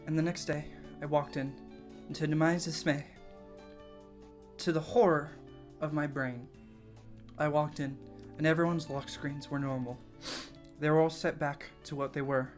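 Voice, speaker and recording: A man's voice: fairly high pitch, fairly even intonation, unhurried, long pauses, soft background music. A young man casually telling a story from his school days, swearing freely and laughing as he goes. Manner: casual, profane, laughs often while telling. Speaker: storytelling vlogger.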